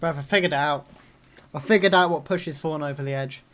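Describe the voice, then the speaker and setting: A man's voice: on the high side, fairly quick, over music. Angry man ranting. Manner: angry ranting with frequent swearing and outbursts. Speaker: reaction video host. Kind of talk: live reaction vlog.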